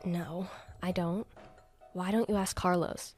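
A woman's voice: fairly low pitch, steady tone, slow, a little mellow, soft background music. A woman with a Southern US accent playing an old, toothless, chain-smoking diner waitress who is blunt and sarcastic. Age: older. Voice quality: raspy, gravelly. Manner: blunt and sarcastic, sometimes muttering under her breath.

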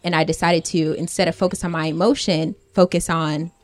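A woman co-hosting a faith podcast, talking in an earnest, reflective way with many pauses. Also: sits low, fairly even intonation, no echo. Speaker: podcast co-host. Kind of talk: casual chat about prayer.

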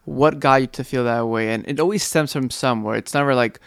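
Smooth-voiced young man podcast co-host. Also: medium pitch, brisk, no echo. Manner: relaxed, agreeable, full of filler likes. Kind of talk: casual couple's podcast chat.

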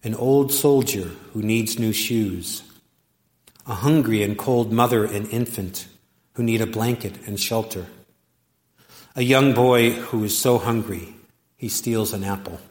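A male pastor retells a story from the pulpit in a measured sermon, with deliberate, emphatic pauses. His voice sits low and moves very slowly. Long reverb rings around the church sanctuary. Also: darkish tone.

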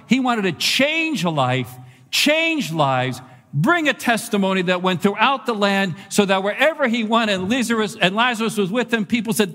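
A male pastor preaching a sermon in a church, animated and conversational, repeating phrases for emphasis. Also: high-pitched, moderate pace. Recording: long reverb of a large hall.

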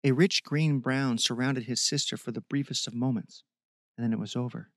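A man's voice: mid-range voice, normal speed, no room sound. Man narrating a story podcast, dry close sound. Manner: steady, even reading with sign-off to listeners.

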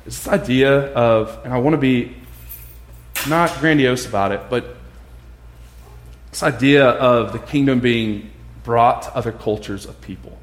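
Animated preacher in an echoey room. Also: male voice, medium pitch. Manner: animated, acts out voices of others. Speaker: pastor. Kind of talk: casual sermon.

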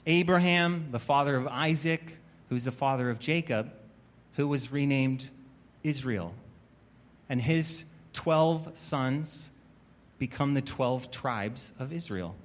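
A man preaching a sermon as pastor, telling a story with wry, self-mocking humor and building to louder, emphatic preaching. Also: medium pitch, takes it slowly.

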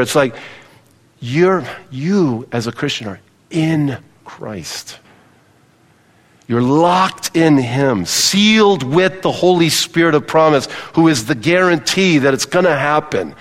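A male pastor delivering a sermon in a church sanctuary, his voice sitting a little high for a man. He drives home his points with emphatic repetition and keeps asking the congregation to say the words back. The sound carries the long reverb of a large hall. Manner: emphatic, repeats key phrases and calls for congregation responses.

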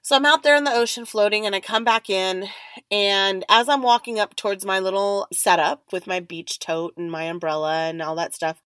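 A woman hosting a podcast, telling a story in an animated way and acting out the other people's lines. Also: medium pitch, moderate pace, clear, resonant tone, dry recording. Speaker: podcast host. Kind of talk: storytelling monologue.

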